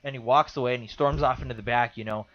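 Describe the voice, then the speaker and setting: A man's voice: mid-range voice, fast. A young man from California, a podcast co-host, telling stories in casual chat and acting out the people he quotes. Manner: animated storyteller, acts out quotes loudly. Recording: dull lo-fi sound.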